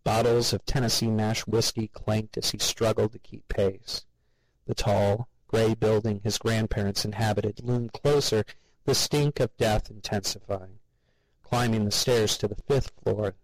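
A man narrating a story with a steady, even reading. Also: on the low side, unhurried, no echo, rough recording.

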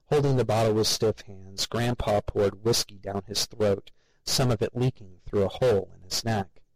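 A man narrating a story with a steady, even reading. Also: on the low side, moderate pace, poor audio.

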